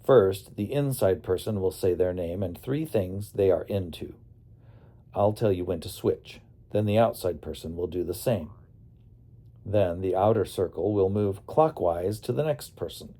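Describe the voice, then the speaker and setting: Man doing a tour leader, male, bossy, joking, teacherly, low mellow voice. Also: measured pace. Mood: instructing.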